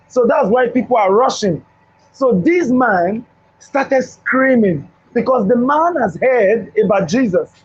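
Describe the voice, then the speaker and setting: In a studio, a male host gives a motivational talk built around a Bible story, sounding preacherly and repeating phrases for emphasis. His voice is very high and slightly rough, captured in a dull lo-fi recording.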